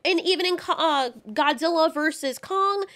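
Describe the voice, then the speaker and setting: A woman giving a casual, animated spoken film review, ranting, swearing and a bit stuffy from a cold. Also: very high-pitched, moderate pace. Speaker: movie reviewer.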